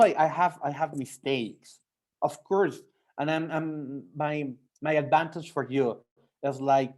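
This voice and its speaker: A young Mexican man talks to language learners in English, his second language, with a Mexican accent. His delivery is halting, full of restarts and fillers as he searches for words. His voice sits at a middle pitch for a man. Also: darkish tone. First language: Spanish. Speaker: French teacher. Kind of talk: personal talk to language learners.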